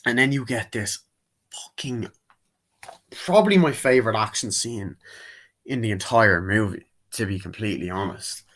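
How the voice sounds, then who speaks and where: A young man giving a casual spoken movie review, rambling and acting out scenes in quick impressions. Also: fairly low pitch, fairly bright tone.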